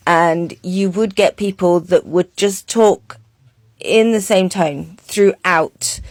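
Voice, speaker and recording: A woman talking over her own horse training footage in a relaxed, chatty way, with many ums. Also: fairly low pitch, slow, no room sound.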